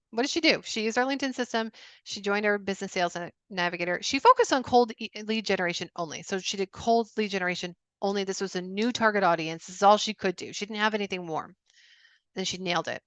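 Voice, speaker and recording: A woman's voice: mid-range voice, a bit bright, no echo. Peppy woman business coach hyping up her students, punchy and repetitive, super dry close sound. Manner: upbeat, emphatic, repeats key phrases. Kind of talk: sales training webinar.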